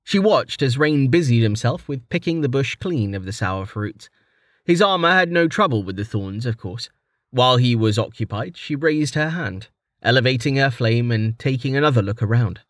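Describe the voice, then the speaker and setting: A man narrating a fantasy story in a steady, even storytelling manner. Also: mid-range voice, normal speed, no room sound, studio quality. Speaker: audiobook narrator.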